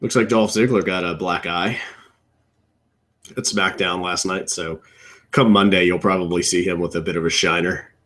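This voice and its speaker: A young man with a lowish voice talks off the cuff from his home computer, in a loose, rambling chat. He is opinionated and jumps up in pitch when something annoys him, then lets each thought sink back down and fade at its end. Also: fairly even intonation, normal speed, fairly bright tone. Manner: opinionated, rambling, trailing off low at ends of thoughts. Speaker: podcast co-host. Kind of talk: casual wrestling riff commentary.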